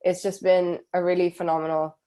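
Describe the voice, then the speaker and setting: A woman's voice: on the low side, flat delivery, brisk, dark tone. A woman from England with a British accent, hosting a live Q&A stream and reading out viewer comments with enthusiasm. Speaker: host.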